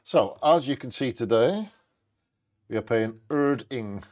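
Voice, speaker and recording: A man co-hosting a live bingo stream, chatting casually and reading out bird facts with quick jokey asides. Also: mid-range voice, lively intonation, highs cut off. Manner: jokey, quick asides between read passages.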